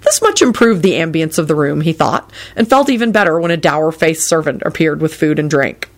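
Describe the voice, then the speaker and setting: A woman narrating a story in a measured, descriptive way. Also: low-pitched, expressive.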